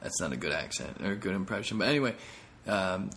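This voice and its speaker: A low-voiced man rambles through a casual solo podcast monologue. He is a comedian who swears freely and drifts between topics with self-mocking asides. His talk is loose and unhurried. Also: lively intonation, gravelly, a bit bright, a little hiss or hum.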